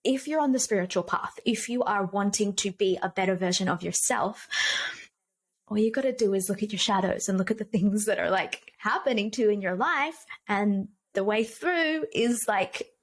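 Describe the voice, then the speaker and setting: A woman's voice: mid-range voice, normal speed. A woman guest, a period coach, speaking earnestly and emphatically in a casual podcast interview.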